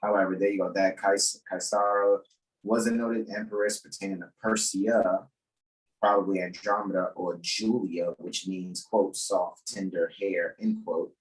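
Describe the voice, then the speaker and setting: Low-voiced man giving casual commentary. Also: fairly even intonation, a little slow, poor audio. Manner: playful, hands the floor back with "I yield". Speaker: co-reader in a study session.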